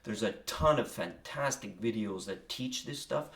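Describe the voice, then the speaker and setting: Rambling low-voiced man explaining songwriting. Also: lively intonation, measured pace, vocal fry, fairly bright tone. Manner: rambling, self-interrupting, musing asides. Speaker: songwriter explaining his process. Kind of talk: casual spoken walkthrough.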